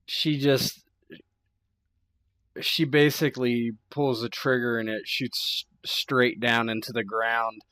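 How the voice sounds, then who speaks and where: A man's voice: mid-range voice, level tone, takes it slowly, pushed and bright, no room sound. A man playing an online tabletop game, chatting casually and plainly. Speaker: player.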